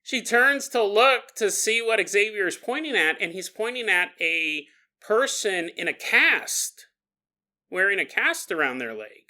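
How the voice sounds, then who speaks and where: A man hosting a podcast, telling a creepy story in a casual, animated way, laughing often and jumping into quick kid voices. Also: high voice. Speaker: podcast host.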